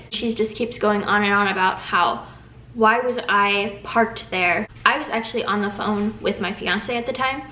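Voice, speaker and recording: A woman in her twenties casually telling a storytime vlog, lively and quoting others in a raised voice. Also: mid-range voice, a little hiss or hum. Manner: animated, quotes people in a raised voice. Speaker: vlogger. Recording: echoey room.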